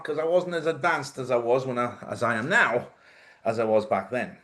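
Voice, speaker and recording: A man's voice: medium pitch, moderate pace, a bit bright. A man hosts a loose, rambling live-stream chat in an everyday voice, sitting in the middle of the usual male range. He talks off the cuff, swears without thinking, and breaks into laughter between remarks. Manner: chatty, joking, swears freely, laughs often. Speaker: host.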